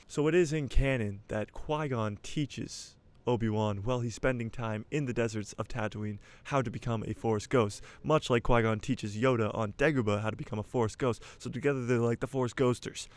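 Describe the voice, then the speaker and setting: A young man hosting his own channel, giving casual, jokey fan commentary in an excitable way. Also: mid-range voice. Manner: excitable, jokey, speeds up and slows down. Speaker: YouTuber host.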